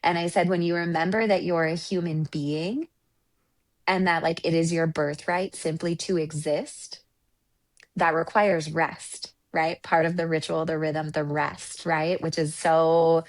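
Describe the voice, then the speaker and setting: Woman, relationship coach, slightly low pitch, earnest, reflective, conversational. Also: level tone, unhurried. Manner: reflective, earnest, often ending points with "right?". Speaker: relationship coach and Reiki practitioner. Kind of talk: conversational interview storytelling.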